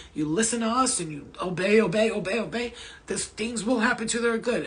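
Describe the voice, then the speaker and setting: A woman's voice: mid-range voice, slight background noise. A woman healer answering viewer questions in a casual spiritual talk, blunt and profane, telling stories.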